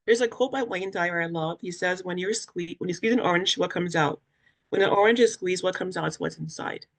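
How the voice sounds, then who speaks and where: A woman's voice: fairly low pitch, a little fast, gravelly. A young woman from West Africa, a cancer survivor and patient advocate, telling her story earnestly and with emotion in an interview, acting out what others said to her. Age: young adult. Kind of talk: personal story in a webinar interview.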